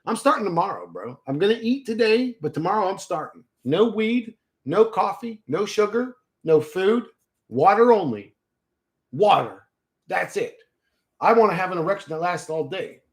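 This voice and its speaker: A man's voice: high voice, sing-song, moderate pace. A man streaming casual chat with viewers, talking in a crude, profane way and laughing often.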